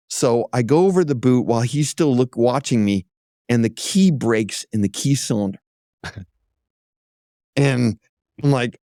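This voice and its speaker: A man, an auto executive, is a guest on an interview show, telling lively stories and acting out other people's voices. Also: medium pitch, a little fast, no room sound, studio quality. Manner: lively anecdote-teller who acts out other voices. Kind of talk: casual interview storytelling.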